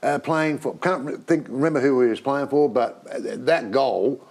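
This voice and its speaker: A man's voice: mid-range voice, moderate pace, darkish tone. A man with an Australian accent co-hosting a sports show, agreeing a lot and telling rambling stories. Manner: agreeable, rambling, many "yeah"s. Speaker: co-host. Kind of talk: casual sports chat.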